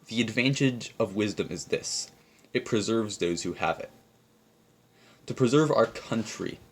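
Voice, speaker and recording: A man reading a prepared speech aloud, with a measured, declarative delivery. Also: lowish voice. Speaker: speaker giving a prepared speech. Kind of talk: read-aloud formal speech.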